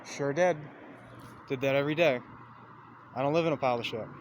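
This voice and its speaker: A man's voice: mid-range voice, a little fast, slight background noise. A man in a casual, rambling monologue, swearing freely and meandering through a running metaphor with self-aware asides.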